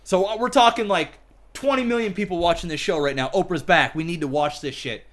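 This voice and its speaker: A man casting a game, telling a rambling, animated story in casual chat. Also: high-pitched, brisk. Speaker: game caster.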